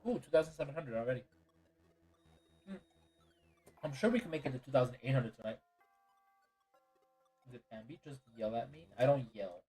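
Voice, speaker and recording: A man's voice: medium pitch, expressive, normal speed, pauses often, mellow, breathy edge, faint music behind, rough recording. A tired man streaming a game and chatting casually with viewers. He yawns, answers chat, and apologizes often. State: tired and yawning.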